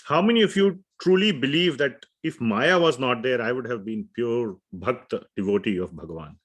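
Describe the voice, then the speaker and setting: A man's voice: medium pitch, lively intonation, normal speed. A man teaching a scripture class in a conversational way, often asking his students questions and telling stories. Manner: conversational, asks the class questions, tells anecdotes.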